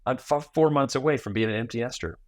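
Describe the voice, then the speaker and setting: A man in his forties, a podcast guest who tells stories in a lively way and acts out small talk in quick asides. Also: mid-range voice, no echo. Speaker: guest, founder and keynote speaker. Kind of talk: conversational podcast interview.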